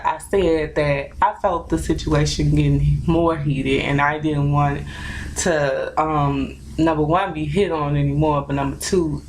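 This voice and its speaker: A young woman telling a personal story in a casual, animated, chatty way with lots of fillers. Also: low-pitched, a little hiss or hum, low-quality recording. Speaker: vlogger.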